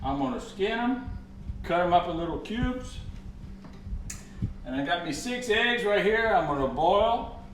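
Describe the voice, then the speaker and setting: A man with a Cajun accent hosts a home cooking video and tells folksy jokes along the way. His voice sits a little high and jumps around with lively pitch. The kitchen sounds echoey, with a faint hum behind it. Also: measured pace, long pauses. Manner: folksy, joking storyteller. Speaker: cooking show host.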